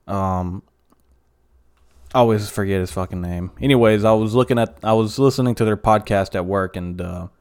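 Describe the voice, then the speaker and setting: A man's voice: lowish voice, normal speed, a little mellow, smooth. A man hosting a casual solo podcast, rambling and swearing freely with lots of fillers. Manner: profane, rambling, frequent fillers. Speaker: podcast host.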